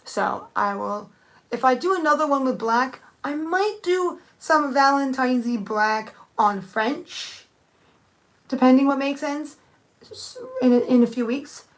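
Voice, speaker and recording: A woman's voice: high-pitched, a little slow. A young woman thinking aloud in a rambling, casual live-stream chat, answering viewers with many restarts. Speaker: nail art streamer.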